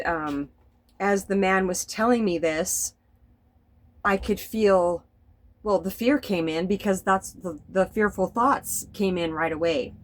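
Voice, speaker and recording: A woman's voice: on the low side, low-quality recording. A woman talking casually to camera as a spiritual vlogger, candid and rambling, with the odd swear word. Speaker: spiritual vlogger drawing cards. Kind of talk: casual spoken vlog monologue. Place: sitting indoors at home.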